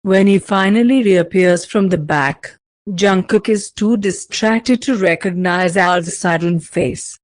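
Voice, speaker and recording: A woman reading fan fiction aloud as narrator, in slow, even storytelling. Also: mid-range voice, dry recording.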